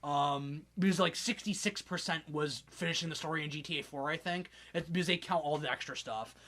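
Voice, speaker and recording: Bright-voiced rambling young man. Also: fairly high pitch, a little fast. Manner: rambling, laughs often, swears casually. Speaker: podcast host. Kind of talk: casual chat.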